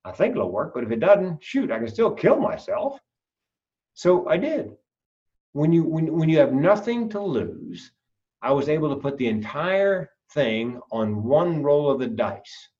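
A man who is a comedian and podcast guest, telling stories in a casual, animated way and acting out the voices in them. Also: on the high side, measured pace, recorded from a distance, muffled recording. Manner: animated storyteller, acts out voices. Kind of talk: casual storytelling interview.

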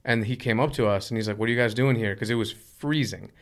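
A man hosting a casual interview, sharing his own stories in an animated, drawn-out way. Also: fairly low pitch.

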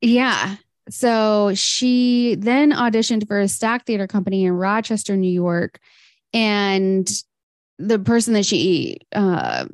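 A woman's voice: mid-range voice, no room sound, studio quality. A woman co-hosting a podcast, recounting a life story in a casual, chatty way with fillers. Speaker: podcast co-host. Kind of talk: casual history chat.

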